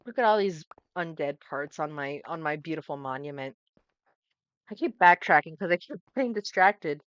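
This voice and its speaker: A woman's voice: sits low, expressive, moderate pace, no echo, dull audio. A young woman talking casually while she plays a game, rambling, getting distracted and restarting her thoughts. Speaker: gaming streamer. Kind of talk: casual commentary while playing.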